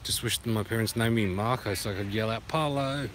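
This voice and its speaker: A man's voice: lowish voice, flat delivery, a little fast, a bit bright. Australian man, outdoor phone vlog with traffic noise, loose rambling talk full of puns. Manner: rambling and punning, sings along loosely. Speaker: vlogger. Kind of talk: casual walking vlog. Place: outdoor park by a duck pond. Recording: noisy outdoor phone recording. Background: outdoor ambience with passing traffic.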